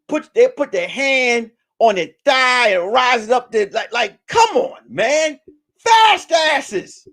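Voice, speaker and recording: A man hosting a live stream, telling stories in a loud, animated and profane way that breaks into shouts on punchlines. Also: very high-pitched. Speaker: host. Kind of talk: casual live-stream storytelling.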